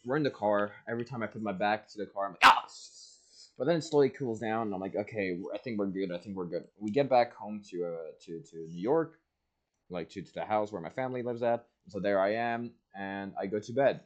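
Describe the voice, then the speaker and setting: A young man streaming, telling a story casually and animatedly, jumping between loud bursts and low asides, full of "like". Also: quick pace, lo-fi sound. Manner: casual, peppered with "like" and "blah, blah".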